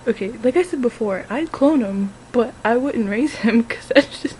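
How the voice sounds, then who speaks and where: A woman's voice: on the high side, animated, unhurried, darkish tone, a little hiss or hum, low-quality recording. A woman casually recapping a film she watched, talking loosely, swearing often and breaking into giggles. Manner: giggly, profane, keeps breaking into laughter. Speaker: vlogger reviewing a film.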